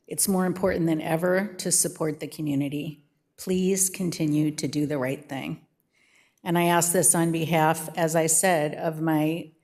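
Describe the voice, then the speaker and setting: An older woman reading a measured, prepared public comment at a council podium. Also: on the low side, darkish tone. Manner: measured, read-from-notes delivery. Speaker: church social justice co-chair.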